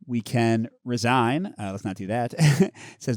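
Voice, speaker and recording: A man's voice: medium pitch, expressive, a little slow, darkish tone, no echo, studio quality. A man hosting a tabletop card game playthrough, chatting casually as he explains the rules and reads the story text aloud. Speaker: host of a board game channel.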